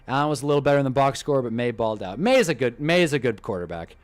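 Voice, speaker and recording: A young man hosting a casual live stream, talking in an animated, swearing rant. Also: medium pitch, racing. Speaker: livestream host. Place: indoors at a green screen.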